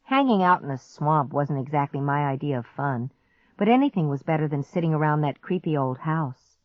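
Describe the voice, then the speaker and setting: A woman narrating a children's story in the first person, slow and expressive. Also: sits low, dry recording. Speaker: audiobook narrator. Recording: dry, slightly muffled audiobook recording.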